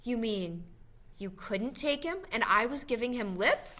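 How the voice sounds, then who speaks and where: A woman's voice: fairly high pitch, unhurried. Woman voicing an eager, brainy little boy. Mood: incredulous. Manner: exclaims chemical names with eager excitement. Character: small, brainy boy, excitable and quick-witted.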